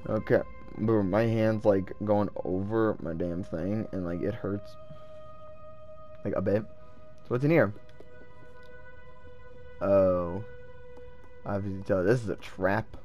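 A man giving casual gameplay commentary, excitable and swearing as he talks to himself. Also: lowish voice, slow, long pauses, lo-fi sound, soft background music. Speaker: let's play gamer.

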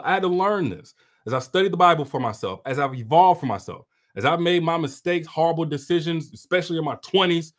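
A male relationship coach speaks to his viewers in a livestream masterclass. His voice sits a little high and rises and falls with lively swings. He talks bluntly, like a big brother, and drives points home by repeating them. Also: a little fast. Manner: preachy and direct, like a big brother, with repeated emphatic phrases.

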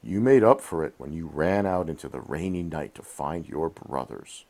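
A man voicing a kindly, brisk captain in a bedtime storybook, speaking in a reassuring tone. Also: rumbling low, expressive, mellow, full character voice.

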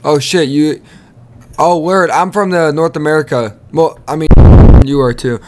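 A man's voice: fairly high pitch, normal speed. A man streaming casual video-chat banter with strangers, crude and teasing as he jokes.

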